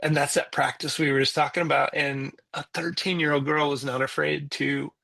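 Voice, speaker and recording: A man's voice: fairly high pitch, a little fast, gravelly. A middle-aged man, a guest coach, telling a personal story in conversation and acting out the people in it. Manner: animated storyteller, acts out the people in his story.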